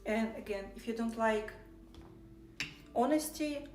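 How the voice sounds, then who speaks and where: A woman's voice: on the high side, a little slow, darkish tone. Blunt, irritated woman streamer, echoey room. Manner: blunt, irritated, lecturing chat. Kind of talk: casual live stream chat.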